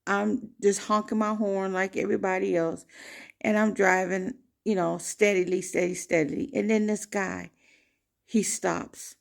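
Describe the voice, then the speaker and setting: A woman vlogger telling a personal story to camera in an emphatic, animated way. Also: medium pitch, a little slow. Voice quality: gravelly.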